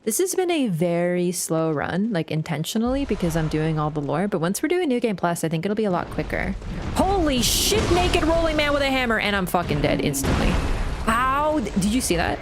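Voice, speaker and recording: Excitable swearing woman streamer. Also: mid-range voice, fairly quick, heavy background noise. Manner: excitable, swears freely, bursts into laughter. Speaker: game streamer. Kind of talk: casual live-stream commentary while playing.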